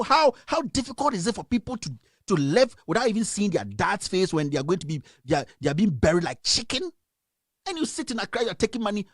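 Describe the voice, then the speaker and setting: A man's voice: high-pitched, big pitch swings, a little fast, dry recording, studio quality. A Ghanaian man hosting a radio stream, giving angry, impassioned news commentary and repeating himself. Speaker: radio host. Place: home in the United States.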